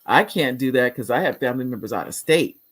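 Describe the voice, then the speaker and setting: A woman's voice: rumbling low, animated, fast, husky. A middle-aged woman hosting a casual live talk show, chatty and rambling as she reads viewer comments, laughing often.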